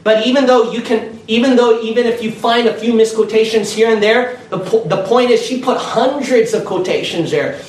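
A man preaching a sermon and telling stories in an animated way. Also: high voice. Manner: animated, storytelling with energy. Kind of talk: sermon storytelling. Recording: echoey room from far off with faint noise.

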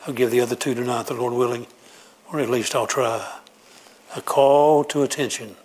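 A man's voice: medium pitch, fairly even intonation, moderate pace, darkish tone, husky. A man preaching a sermon, emphatic and repetitive as he pleads with his congregation.

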